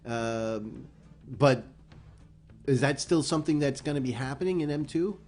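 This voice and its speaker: A man's voice: medium pitch, unhurried, darkish tone, soft background music. Jokey male host on a video call. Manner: jokey, laughs often. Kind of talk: casual chat.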